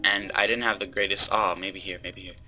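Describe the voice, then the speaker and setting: A young man hosting gameplay commentary, excitable and full of startled exclamations. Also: low-pitched, fairly quick. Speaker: host.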